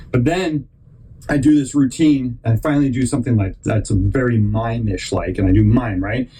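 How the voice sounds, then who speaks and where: A man's voice: medium pitch, brisk, dark tone, breathy edge, poor audio. A man hosting a podcast, telling a long rambling story and acting out other people's lines in put-on voices. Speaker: podcast host.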